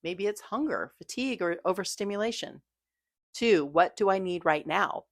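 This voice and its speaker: A woman giving a gentle, reassuring scripted talk about mindfulness, coaching her listeners. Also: medium pitch, expressive, moderate pace, no echo, studio quality. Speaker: mindfulness creator.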